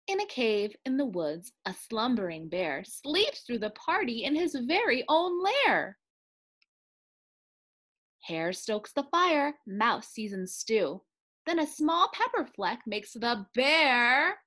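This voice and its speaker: A woman reading a children's picture book aloud in a sing-song, expressive way, slowing down for the refrains. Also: a little high. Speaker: storyteller.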